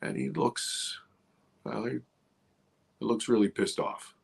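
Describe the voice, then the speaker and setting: A middle-aged man telling a personal story as a guest, dramatic, dropping to a hush and rising again, with many restarts. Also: on the low side, expressive, slow, creaky, breathy edge. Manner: dramatic, swings from loud to hushed, many restarts. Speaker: guest filmmaker. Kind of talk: animated storytelling.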